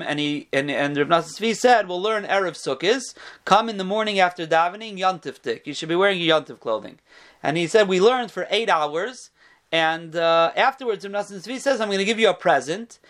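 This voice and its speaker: Male lecturer, higher pitch, telling stories in a Torah class, restarts often. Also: animated, brisk, a bit bright. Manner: storytelling, with frequent restarts and Hebrew terms.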